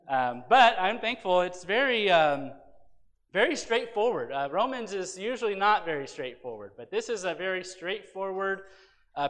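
A man's voice: high-pitched, fairly bright tone, in a large hall. A man teaching a Sunday school Bible lesson, reading scripture emphatically and asking rhetorical questions.

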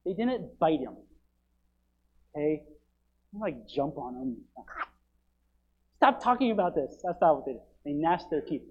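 A pastor preaching a sermon, swinging between loud, urgent declarations and quiet, low asides. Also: male voice, lively intonation, moderate pace, long pauses, breathy edge, muffled recording.

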